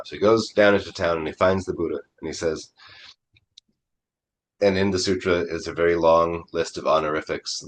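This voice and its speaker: A man, a Zen priest, giving a dharma talk by retelling an old story in a conversational, animated way. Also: deep voice, normal speed.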